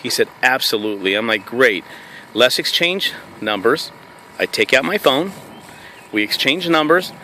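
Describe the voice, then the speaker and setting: A man with a bright, forceful voice gives a motivational talk to camera, full of energy as he tells stories from his network marketing work. He speaks from inside a car, with faint road noise behind him. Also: mid-range voice, a little slow. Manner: energetic storytelling, slips into quoting himself.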